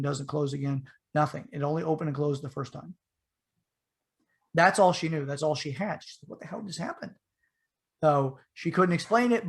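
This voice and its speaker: A man's voice: fairly high pitch, creaky. A man casually telling a childhood ghost story on a podcast, rambling with restarts and asides and acting out the people in it.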